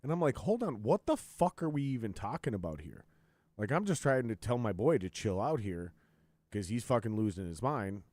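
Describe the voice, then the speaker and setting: Man, podcast host, low voice, profane ranting storyteller, dry sound. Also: very animated, moderate pace, darkish tone, no room sound. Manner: profane, ranting storyteller, quotes others in raised voice. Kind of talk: casual chat.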